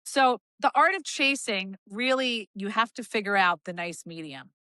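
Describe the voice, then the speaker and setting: A woman co-hosting a podcast, telling lively stories in casual chat and acting out the people in them. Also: medium pitch, moderate pace, no echo. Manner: animated storytelling with quoted voices. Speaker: podcast co-host.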